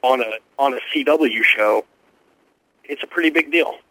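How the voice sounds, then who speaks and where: A guest TV critic in a radio interview gives quick, informed, enthusiastic answers. His medium-pitched voice sounds pushed and bright, and the recording has no echo but is rough.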